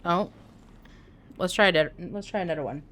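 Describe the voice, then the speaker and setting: A young woman from Canada chatting casually on a live stream while gaming, talking to her chat with an animated, swearing manner. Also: fairly low pitch, normal speed. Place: home room.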